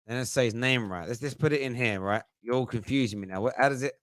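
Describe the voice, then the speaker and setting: A man's voice: mid-range voice, quick pace, fairly bright tone, dry recording, studio quality. A man hosting a fan phone-in show, chatting casually, thinking aloud and poking fun at himself. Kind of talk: casual live-stream chat.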